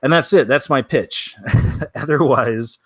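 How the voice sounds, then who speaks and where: A man's voice: mid-range voice, slow, a bit bright, husky, no echo, clean studio sound. A man hosting a casual weekly news show, wry and offhand, with many fillers.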